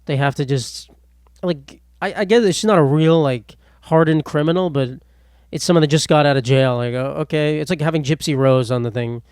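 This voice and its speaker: A man's voice: on the high side, brisk, a little mellow, no echo, studio quality. A young man hosting a casual solo podcast, rambling through stories with self-deprecating asides. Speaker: podcast host.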